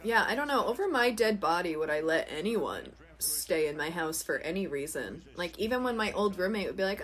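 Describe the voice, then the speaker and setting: A woman co-hosting a podcast, telling a story in a lively, casual way. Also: fairly low pitch, brisk, few pauses. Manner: animated storyteller, acts out quoted lines. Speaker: podcast co-host. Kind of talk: casual chat.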